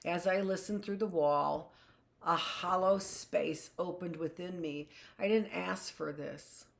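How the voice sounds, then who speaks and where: Low-voiced woman reading a novel aloud. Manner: steady reading with small slips and self-corrections. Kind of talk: first-person novel read aloud.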